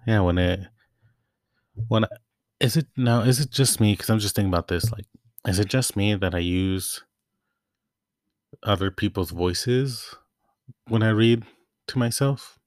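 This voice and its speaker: A man's voice: on the low side, measured pace, long pauses, darkish tone, dry recording, studio quality. A young man hosting a casual solo podcast, chatty and rambling, often stopping to restart his thoughts. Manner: rambling, self-interrupting, chatty. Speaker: podcast host.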